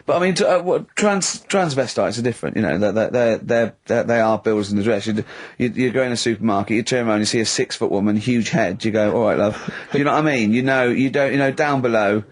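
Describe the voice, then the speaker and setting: A middle-aged man hosting a radio comedy chat, rambling through animated asides and bursting into high laughter. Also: fast, hardly any pauses. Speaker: radio host.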